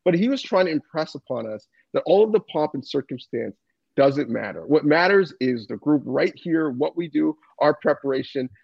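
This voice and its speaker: A man's voice: a little high, lively intonation, normal speed, vocal fry, slightly rough, no echo, lo-fi sound. A man, a former player turned journalist, giving an earnest, thoughtful tribute on a podcast.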